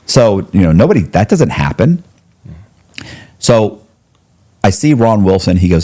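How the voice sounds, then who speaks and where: A middle-aged man with a very low, mellow voice recounts a story in a casual interview. He rambles with slang, swears freely and restarts his sentences often. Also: very animated, normal speed, long pauses. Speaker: interview guest.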